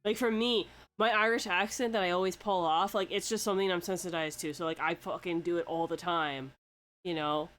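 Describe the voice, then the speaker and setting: A woman's voice: lowish voice, steady tone, brisk, fairly bright tone, a little hiss or hum. A young woman hosting a casual podcast chat, rambling with lots of fillers and swearing freely. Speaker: podcast host.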